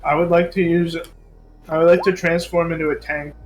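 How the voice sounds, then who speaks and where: A man's voice: a little high, level tone, a little fast, faint music behind, low-quality recording. A man playing in a tabletop game, narrating his character's actions earnestly. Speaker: player. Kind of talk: casual tabletop play.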